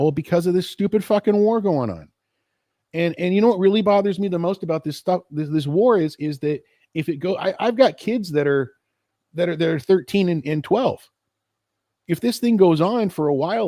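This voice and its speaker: A man's voice: fairly high pitch, mellow, no echo, clean studio sound. A middle-aged American man hosting a casual solo livestream, rambling and frustrated, swearing freely and restarting his sentences. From United States. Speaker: podcast host.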